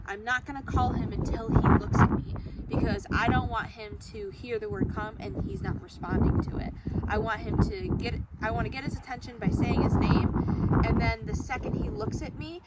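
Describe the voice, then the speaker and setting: A woman with a high voice explains dog training outdoors, chatty and relaxed, sometimes breaking into excited praise. She is picked up from a distance, and loud outdoor noise runs under her voice. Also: normal speed. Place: outdoors near a parking area. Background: dogs and passing cars.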